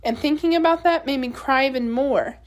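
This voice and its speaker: A woman teacher reading a children's novel aloud in a steady, expressive storytelling voice. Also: sits high, moderate pace.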